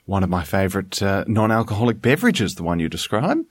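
Low-voiced man, easygoing host. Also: very animated, fast, breathy edge. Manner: easygoing, laughs often, dry asides. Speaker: podcast host. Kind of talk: casual podcast chat.

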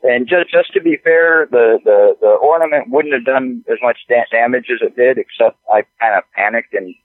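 A man talking as a podcast guest, halting and stammering, often repeating words as he speaks. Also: mid-range voice, no room sound. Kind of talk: casual conversation. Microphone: phone call. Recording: tinny phone line, dry.

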